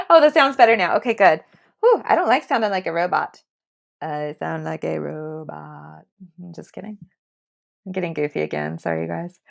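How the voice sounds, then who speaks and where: A chatty woman doing a livestream reading into her computer mic from home. Her voice is gravelly, with a middle pitch, and her manner is reassuring and given to easy laughter. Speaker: tarot reader on a livestream.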